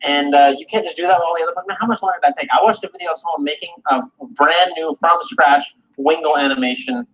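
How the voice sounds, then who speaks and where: A man with a husky, slightly high voice rants about games, swearing freely and tripping over his words as he goes. He sounds animated and worked up. The audio is dull and lo-fi. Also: fast. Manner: animated, cursing, repeats himself and mimics others. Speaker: video game commentator. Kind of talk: profane rant.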